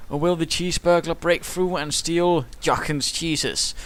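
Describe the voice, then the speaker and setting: A man's voice: on the high side, measured pace, hardly any pauses, a bit bright. Playful man casting a replay. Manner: playful, theatrical, with whimsical asides. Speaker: caster. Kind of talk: strategy game replay commentary.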